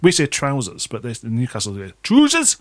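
A man with a Geordie accent co-hosting a radio show in a studio, excitable and giggly, shouting out greetings to listeners. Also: mid-range voice, quick pace, no room sound. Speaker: radio co-host. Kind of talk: casual radio banter.

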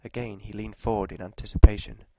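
A man narrating a scripted story in a measured, even delivery, with walking directions at the end. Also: lowish voice, noisy background.

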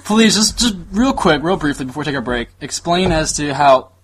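Loud profane young male podcast host. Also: a little high, animated, moderate pace, slight background noise. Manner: loud, laughing, rambling, profane. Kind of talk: crude casual chat.

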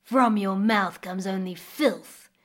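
A woman voicing a stern but kind mother crocodile with a deep, watery voice, speaking slowly and solemnly in a storybook. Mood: scolding. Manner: slow, solemn.

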